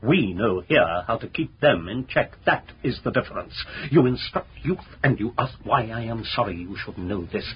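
An actor playing a pompous, blustering lawyer in a radio drama, scornful and overbearing. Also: male voice, fairly low pitch, animated, moderate pace, few pauses, breathy edge. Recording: muffled old radio broadcast with faint noise.

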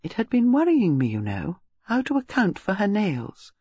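A shrewd elderly spinster speaks in soft, mild, musing tones, as a woman puts her on for a storybook. Her voice is husky and airy, and the recording is dry and a little dull. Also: mid-range voice, wildly swooping pitch, moderate pace, no room sound, pitched above the performer's own voice. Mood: gentle musing. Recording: slightly dull lo-fi audio.

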